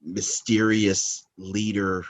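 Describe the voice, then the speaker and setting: A man's voice: lowish voice, flat delivery, slow. A man hosting a movie countdown podcast, talking casually in a rambling, opinionated way that often corrects itself. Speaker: podcast host.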